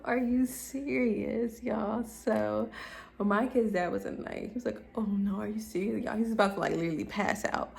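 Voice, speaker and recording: A woman's voice: mid-range voice, gravelly, a little hiss or hum. A young woman telling a casual storytime vlog to her viewers, chatty and often calling them y'all. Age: young adult. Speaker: vlogger.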